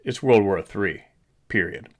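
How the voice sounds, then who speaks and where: A man's voice: lowish voice, expressive, a little slow. A middle-aged man from Canada, hosting his channel, delivering a frustrated, profane ranting monologue. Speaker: channel host.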